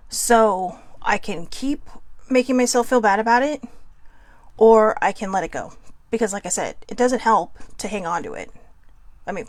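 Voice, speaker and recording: Gravelly-voiced woman musing aloud. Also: mid-range voice, no echo. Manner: earnest, musing, self-questioning. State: shaky voice from incense smoke. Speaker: host of a personal reflection show. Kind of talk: casual reflective monologue.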